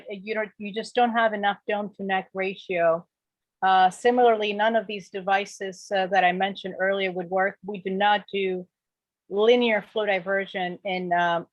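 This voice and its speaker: A woman's voice: mid-range voice, no room sound, highs cut off. A woman neurosurgeon on an expert panel giving decisive, technical opinions over a video call, with frequent fillers.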